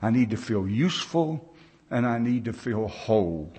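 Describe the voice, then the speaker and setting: At a big conference, an older American man recounts his recovery in a mid-range, sing-song voice with a dark tone and a breathy edge, keeping a moderate pace. Folksy and plain-spoken, he imitates the people who appear in his story.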